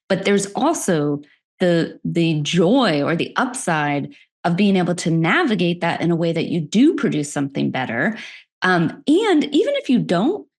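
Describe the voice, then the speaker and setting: A middle-aged woman, a workplace expert, talking as a podcast guest, animated and quick to laugh. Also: medium pitch. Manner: animated, laughs often, speaks in quick bursts. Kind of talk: conversational interview.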